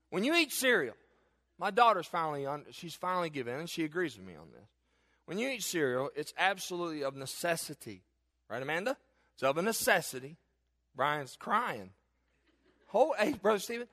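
A middle-aged man preaching a sermon as a pastor, telling jokes and stories in an animated way. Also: sits high. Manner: animated, joking storyteller. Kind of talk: humorous sermon.

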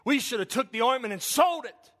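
A pushy, grumbling male disciple with a loud, whiny complaint in his high voice, as a preacher acts him out during a sermon. He sounds greedy and brash. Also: expressive, fairly quick, in a large hall. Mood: indignant.

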